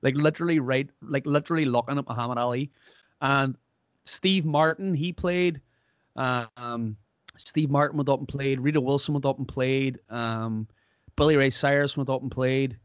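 A man's voice: mid-range voice, normal speed, no room sound. Irish guy on a podcast, chatty storyteller, dry dull-sounding mic. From Ireland. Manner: animated storyteller, acts out quotes. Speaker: podcast host. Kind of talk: casual chat.

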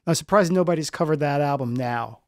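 A man chats casually as a podcast guest, rambling through his stories with plenty of fillers. His voice is on the high side for a man. The sound is dry and close. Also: brisk, a little mellow, no room sound. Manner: rambling, lots of fillers and laughs. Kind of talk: casual chat.

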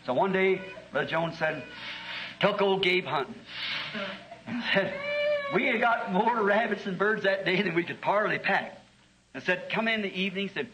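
A man's voice: high-pitched, a bit bright, highs cut off, slight background noise. A middle-aged man preaching a sermon in a fervent, folksy way, telling a story and often repeating his words.

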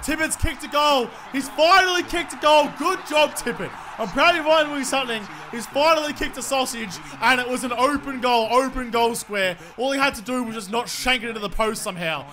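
High, bright gamer swearing at teammates. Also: male voice, fairly quick, hardly any pauses. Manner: frustrated, profane, yelling at teammates. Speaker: gaming commentator. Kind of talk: swearing live gameplay commentary.

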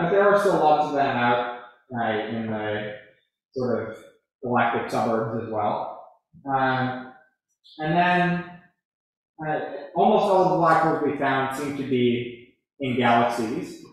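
A man explains science to a lecture audience, pausing and restarting as he thinks. His voice sits mid-range and rings out in a very echoey hall. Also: medium pitch. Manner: thoughtful, hedging, frequent restarts and "uh". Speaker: astrophysicist answering audience questions. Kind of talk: public lecture Q&A.

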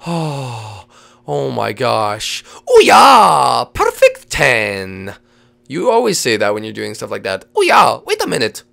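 A woman hosting a game role-play, leading her friends in an excitable, bossy way with sudden shouts. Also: very deep voice, moderate pace, gravelly. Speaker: host.

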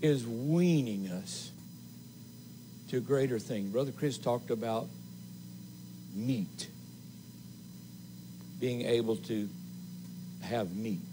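A man preaching a sermon as assistant pastor in a church, slow and emphatic, with repeated phrases and pauses. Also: medium pitch, background noise. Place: church sanctuary.

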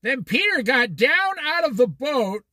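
A man's voice: very high-pitched, very animated, measured pace, pushed and bright, dry recording. A man leading an informal Bible study, reading verses aloud and then explaining them in a conversational way. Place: on the Oregon coast.

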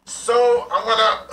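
A man's voice: very high voice, bright, forceful tone, exaggerated voice. A man playing a sloppy, crude clinic doctor who talks in a brash, offhand way. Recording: roomy, distant with faint noise.

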